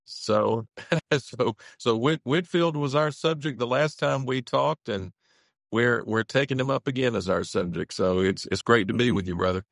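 A man's voice: mid-range voice, moderate pace, creaky, no room sound, clean studio sound. A man who is a pastor, a guest on a radio interview, talking in a friendly way with stumbling restarts.

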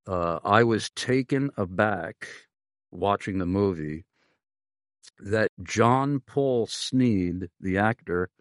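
Deep-voiced man hosting a faith interview. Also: animated, no room sound, studio quality. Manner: measured, pausing often with "uh". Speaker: pastor and podcast host. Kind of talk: conversational interview.

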